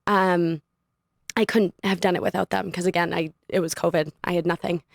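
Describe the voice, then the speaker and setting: A young adult woman, a podcast guest, telling a personal story in an animated, casual way and laughing often. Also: fairly low pitch, fast talker, vocal fry, no echo, clean studio sound. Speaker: podcast guest, studio owner. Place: podcast studio.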